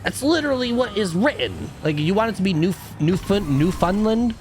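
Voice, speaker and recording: A man's voice: sits high, expressive, moderate pace, noisy background. A young man doing live game commentary as a streamer, chatting with viewers and breaking into frustrated outbursts. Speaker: gaming streamer.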